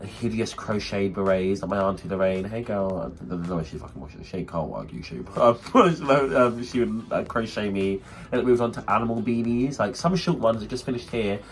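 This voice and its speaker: A man's voice: fairly low pitch, normal speed. A young man co-hosting a casual chat, telling stories and acting out quotes in funny voices. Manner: animated storytelling, acts out quotes. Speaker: podcast co-host.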